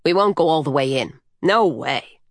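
A woman's voice: deep voice, animated, normal speed, no echo, clean studio sound. A woman playing a crude, lazy coyote trickster. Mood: gruff, offhand. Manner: blunt, crude and offhand.

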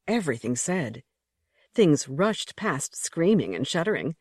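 Low-voiced woman narrating expressively. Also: big pitch swings, unhurried, slightly rough, dry recording, clean studio sound. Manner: vivid, rhythmic storytelling. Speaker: audiobook narrator.

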